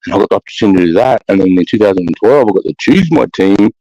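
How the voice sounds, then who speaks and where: An Australian army veteran, appearing as a guest on a casual podcast, tells war stories bluntly, swearing a lot and saying "mate" and "bro" constantly. His fairly low, mellow voice has lively intonation and a very fast pace, and the recording is muffled with no room sound.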